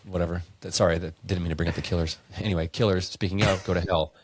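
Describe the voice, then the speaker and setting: A man's voice: low-pitched, fairly even intonation, fast talker, heavy background noise. A man co-hosting a casual comedy podcast, reading scripture verses aloud and then riffing on them with wordplay jokes. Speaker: podcast co-host.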